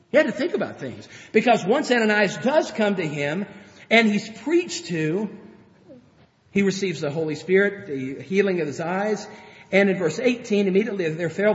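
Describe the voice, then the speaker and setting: A man preaching a sermon, telling Bible stories in an animated way and acting out the characters. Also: high-pitched. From grew up on a farm. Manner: animated storytelling, acts out Bible characters, chuckles. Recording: dull lo-fi sound with long hall reverb.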